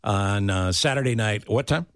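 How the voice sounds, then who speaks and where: A man's voice: on the low side, normal speed, no echo, studio quality. A man hosting a morning radio show, joking with guests and running the segment. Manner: jokey, lively, runs the segment. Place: radio studio. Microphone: studio mic.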